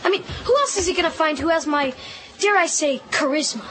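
A woman's voice: sits high, brisk, a bit bright. A woman voicing a cocky, scheming schoolboy who talks in smug wisecracks.

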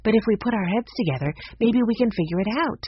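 A narrator doing a practical, encouraging older sister from a storybook, lively in her phrasing. The voice is husky and the sound a little dull. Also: medium pitch, fast, voice pushed up. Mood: thoughtful. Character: girl, sensible older sister.

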